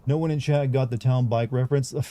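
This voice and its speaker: A man's voice: mid-range voice, fairly even intonation, fast talker, mellow. A young man chatting casually on a livestream, rambling and candid as he talks to his viewers.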